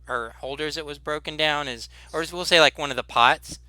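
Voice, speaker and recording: A man running a tabletop game as game master, narrating haltingly with many restarts. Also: fairly high pitch, noisy background.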